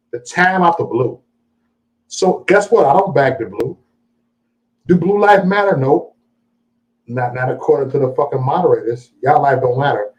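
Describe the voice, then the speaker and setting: A man's voice: mid-range voice, a little slow, pauses often, rough recording. A man hosting a casual live stream, greeting viewers and ranting at them in a profane, taunting, boastful way. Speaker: livestream host.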